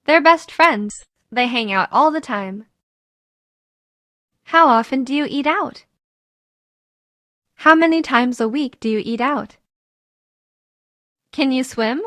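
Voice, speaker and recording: A woman reading short English practice sentences one by one in a clear, measured way. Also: high-pitched, a bit bright, dry recording, studio quality. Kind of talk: slow scripted sentence reading.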